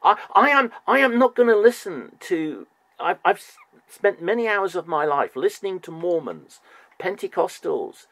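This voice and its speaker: Insistent man in a lively debate. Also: sits high, moderate pace, dry recording. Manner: insistent, animated, repeatedly demanding scripture proof; mocking repetition. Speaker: show host debating a Jehovah's Witness by phone. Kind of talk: heated religious debate.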